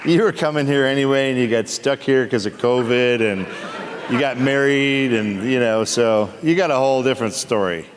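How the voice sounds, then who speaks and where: An actor on a convention panel, a man joking and teasing audience members in playful, quick asides. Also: medium pitch, background noise. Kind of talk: comedic Q&A banter with the audience. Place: convention hall. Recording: echoey convention hall.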